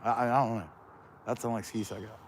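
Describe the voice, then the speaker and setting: A man's voice: on the low side, steady tone, quick pace, a little hiss or hum. A man from Central Ohio with a Kentucky accent, chatting casually and rambling on a live stream while out in farm fields. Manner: rambling, self-described lazy drawl. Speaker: livestream host.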